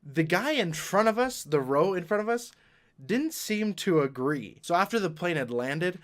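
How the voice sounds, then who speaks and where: A young man tells a childhood story in a lively, bright, fairly high voice. His pitch jumps around a lot, and he laughs often as he goes. It is a casual storytime vlog. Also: moderate pace. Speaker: vlogger.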